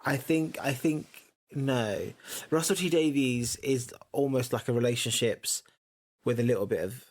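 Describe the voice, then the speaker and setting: A chatty man co-hosting a podcast, laughing easily as he trades opinions in relaxed banter. His voice sits at an ordinary middle pitch. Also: measured pace. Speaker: podcast co-host. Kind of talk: casual chat.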